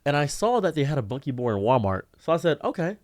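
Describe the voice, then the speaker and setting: A man telling a diary-style story to camera in an exasperated, ranting way, his voice jumping up sharply in pitch. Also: very animated, fast, darkish tone, no echo, clean studio sound. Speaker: streamer and video diarist.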